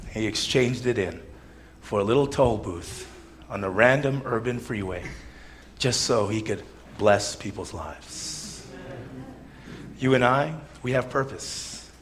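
Animated male preacher, lively pitch. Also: a little hiss or hum. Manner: animated, expressive storyteller. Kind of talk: storytelling sermon.

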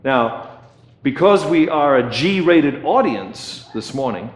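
Slow-speaking male pastor in an echoey hall. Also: mid-range voice. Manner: conversational, asks "okay?" and repeats words. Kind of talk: sermon.

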